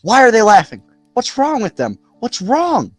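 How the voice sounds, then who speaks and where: A man's voice: on the high side, big pitch swings, brisk, darkish tone, no room sound, faint music behind, voice pushed up. A man reading aloud, voicing a cautious, thoughtful thirteen-year-old boy who sounds worried and pleading. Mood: anxious.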